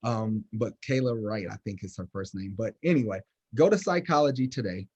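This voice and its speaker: A man working as a counselor, answering questions in casual, animated talk with lots of fillers. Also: on the low side, a little fast, slightly rough, highs cut off. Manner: animated, conversational, many fillers.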